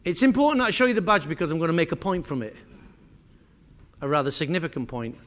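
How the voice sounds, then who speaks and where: Mancunian man with a high voice, talking to a small room, casual and teasing. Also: sing-song, fast, fairly bright tone. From Manchester, England. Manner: chatty, teasing, addresses audience directly. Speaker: presenter. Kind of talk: jokey live presentation to a room. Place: meeting room with small audience.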